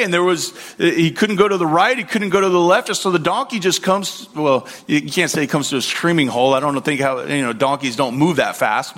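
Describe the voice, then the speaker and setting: A man with a high-pitched voice preaching, retelling a scripture story with lively acted quotes. He talks in a spoken, unscripted way, often restarting his phrases. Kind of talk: sermon storytelling.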